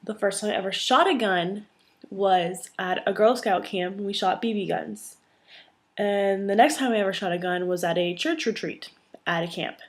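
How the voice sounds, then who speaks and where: A woman's voice: mid-range voice, normal speed. Chatty young woman vlogger from Texas. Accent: none, mostly standard American. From Texas, USA. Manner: chatty, emphatic, a bit exasperated. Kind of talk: casual talking-to-camera vlog.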